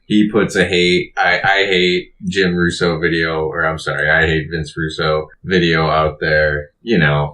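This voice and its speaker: A man's voice: rumbling low, flat delivery, measured pace, few pauses, sharp tone. A man co-hosting a wrestling podcast in casual chat, laid-back and rambling, laughing often. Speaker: podcast co-host. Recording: distant mic with faint noise.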